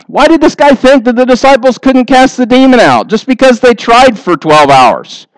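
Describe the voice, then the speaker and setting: A pastor preaching a sermon with animated delivery, briefly acting out the voices of people he describes. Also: extremely high pitch, normal speed, smooth, no room sound, rough recording.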